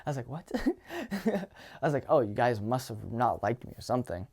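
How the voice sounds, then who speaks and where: A young man talking casually as a dating coach, animated and swearing, acting out lines from his own conversations. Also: medium pitch, normal speed, husky. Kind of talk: casual advice monologue.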